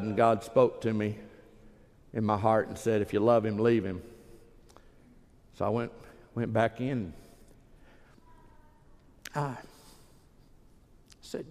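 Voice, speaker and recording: A man's voice: on the low side, a little mellow. A man preaching a sermon in a folksy, emphatic storytelling manner. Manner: folksy, emphatic, acts out quoted voices. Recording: reverberant hall.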